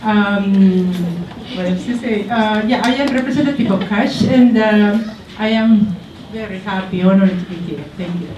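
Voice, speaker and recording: A woman's voice: medium pitch, moderate pace, lo-fi sound. A woman introducing herself as a student representative in an informal, slightly unsure way. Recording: distant mic in a noisy, echoey hall.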